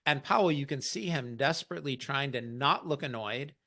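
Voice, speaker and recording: Bright-voiced man explaining markets. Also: medium pitch, a little fast. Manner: explanatory, wry, quotes others in mock voices. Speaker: investing podcast host. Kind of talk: casual market commentary.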